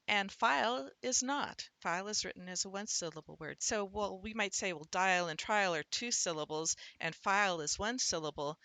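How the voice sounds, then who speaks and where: A woman teaching reading, explaining words step by step and sounding them out slowly as she thinks aloud. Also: medium pitch, sharp tone, dry recording. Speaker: literacy instructor.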